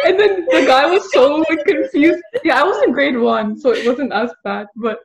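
A young woman chatting over a video call, telling a story with lots of fillers. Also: sits high. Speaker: student panelist. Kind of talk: casual chat, storytelling.

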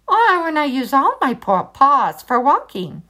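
A greedy, boastful storybook tiger, as a woman reading aloud puts him on, bossy and bullying. The voice stays fairly high and lively, with big rises on his threats. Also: measured pace, heavily acted.

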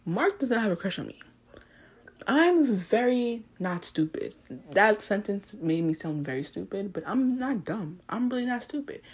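Husky-voiced chatty teen girl. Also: mid-range voice, normal speed. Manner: chatty, filler-heavy, animated. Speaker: podcast host. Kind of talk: casual storytelling.

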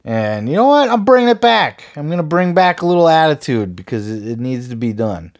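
A man's voice: medium pitch, very animated, a little fast, darkish tone. A man hosting a podcast, ranting heatedly with lots of swearing and sarcastic put-downs of his listeners. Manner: profane, heated, sarcastic mocking. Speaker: podcast host.

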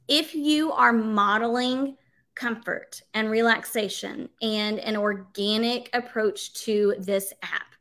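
A woman presenting a live workshop for educators, talking in an energetic, conversational way and reading chat comments aloud. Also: mid-range voice. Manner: energetic, conversational, emphatic with filler words.

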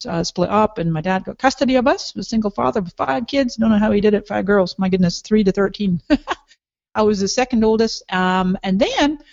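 A woman's voice: mid-range voice, a little fast, creaky, darkish tone, no echo. A middle-aged woman with a slight Scottish accent, an upbeat guest telling her story in a podcast interview with frequent laughs. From Canada, raised partly in Scotland. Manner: upbeat, enthusiastic, laughs often. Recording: dry, slightly dull audio.

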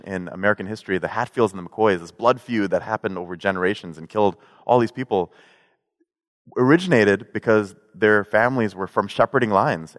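A man giving a sermon in a relaxed, conversational way, mixing in jokes and personal stories. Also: fairly low pitch. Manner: conversational, joking storytelling. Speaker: pastor. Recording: long hall reverb.

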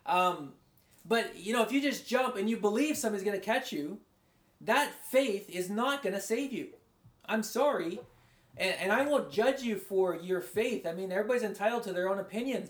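A man's voice: sits high, normal speed. Man preaching in a roomy hall. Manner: conversational, rambling with restarts. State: voice going hoarse. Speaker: pastor. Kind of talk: sermon. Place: large room, speaking to a congregation far away.

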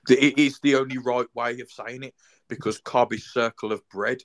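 A man from Birmingham, chatting on his own podcast. His voice sits at an ordinary middle pitch. He tells stories with frequent ums and restarts. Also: steady tone, moderate pace. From Birmingham, England. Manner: chatty, storytelling, lots of ums. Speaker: podcast host. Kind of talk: casual chat.

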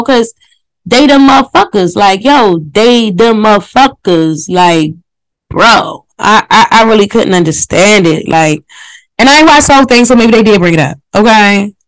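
A woman's voice: mid-range voice, a bit bright. Profane woman rambling into a phone. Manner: profane, digressive, talks to listeners directly. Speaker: podcast host. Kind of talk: casual rambling monologue. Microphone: close phone microphone.

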